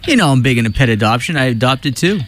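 A man's voice: medium pitch, sing-song, fast talker, a bit bright, faint music behind. A man co-hosting a casual radio show, teasing his partner and laughing often. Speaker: radio co-host.

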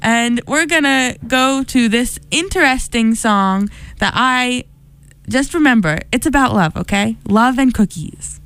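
A woman's voice: on the high side, lively intonation, unhurried, fairly bright tone. A young woman hosting a radio show, chatting casually and rambling between songs in a bubbly, enthusiastic way. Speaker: radio host.

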